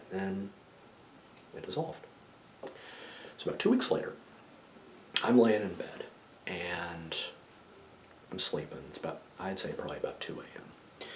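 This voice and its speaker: A man with a fairly low voice telling a ghost story as a tour guide would. He drops into hushed asides and keeps checking in with his listeners. The sound is roomy, with a faint low rumble behind him.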